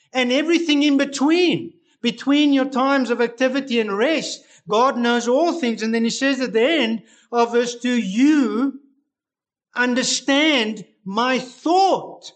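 A man delivering an expository sermon in a notably high voice. He speaks slowly and deliberately, and he stresses key words with emphasis. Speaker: preacher.

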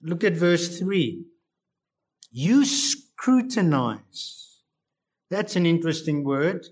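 A man preaching a sermon, reading scripture and explaining it with slow, deliberate emphasis. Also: on the high side, darkish tone.

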